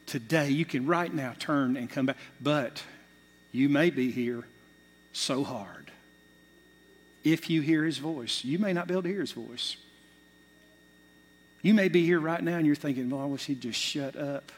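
A male pastor preaching a sermon, swinging between loud, urgent bursts and quiet, hushed asides. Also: fairly high pitch, a little slow, pauses often, breathy edge. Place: church sanctuary. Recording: long reverb of a large hall.

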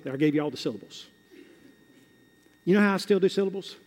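A man preaching a sermon as pastor, drawing out key words and repeating phrases, swelling from hushed, slow passages to loud, rising exhortation. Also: sits high. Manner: emphatic, drawn-out words and repetition. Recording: long hall reverb.

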